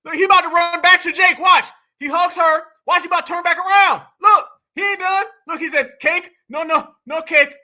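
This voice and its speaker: A man hosting a live reaction show, talking in a loud, mocking, animated way and often shouting. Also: very high voice, a little fast, hardly any pauses. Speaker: online show host.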